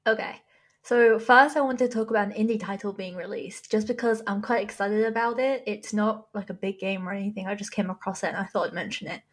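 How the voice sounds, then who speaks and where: A young woman co-hosts a gaming podcast with dry, teasing wit. She reads news items in a casual way. Her voice sits at a middle pitch. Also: fairly even intonation, brisk. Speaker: podcast co-host.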